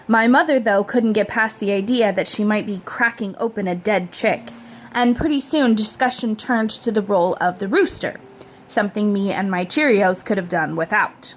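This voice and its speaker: A woman teacher reading a novel chapter aloud in a lively, expressive way. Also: medium pitch, moderate pace. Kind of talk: storybook read-aloud.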